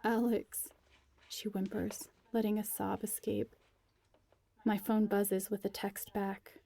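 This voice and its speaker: A woman reading a first-person story aloud in a quiet, intimate way, sometimes dropping to a breathy whisper. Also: medium pitch, monotone, takes it slowly. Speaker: narrator.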